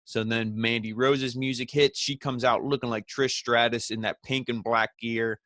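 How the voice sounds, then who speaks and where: A man's voice: mid-range voice, level tone, moderate pace, a bit bright, no echo. A man hosting a wrestling review, recapping the show in a casual, rambling way full of "you know" and "he's like".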